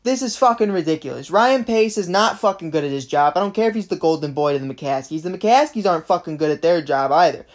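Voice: medium pitch, expressive, fast, hardly any pauses. A young adult in their twenties hosting a sports podcast, ranting in frustration and swearing constantly as a fan. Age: 20s. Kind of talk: casual sports podcast rant.

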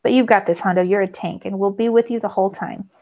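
A woman reading aloud voices a calm, knowing teen girl who explains things patiently, on a slightly dull recording. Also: mid-range voice, quick pace, close to an everyday voice.

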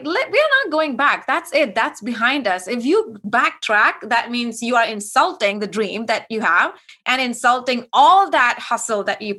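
Young adult woman from Kuwait, interview guest; high and bright, animated storyteller. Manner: animated, acts out quoted dialogue. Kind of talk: candid personal storytelling.

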